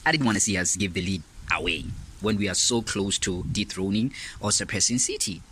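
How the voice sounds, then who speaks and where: A man giving an excited fan review of a football match, laughing often and repeating himself as he gets carried away. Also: fairly low pitch, normal speed, noisy background.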